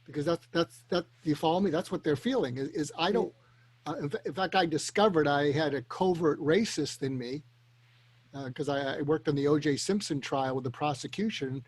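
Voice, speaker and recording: A male talk show guest with a slightly high voice explains his ideas earnestly. He often restarts his phrases as he thinks aloud. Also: normal speed, breathy edge. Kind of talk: casual chat.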